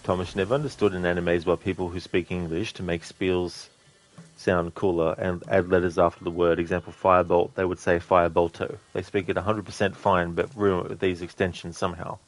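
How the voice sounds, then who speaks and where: Deep-voiced man chatting over a game. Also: flat delivery, fairly quick. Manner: chatty, answers chat, rambling with fillers. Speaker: game streamer. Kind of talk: casual gaming commentary.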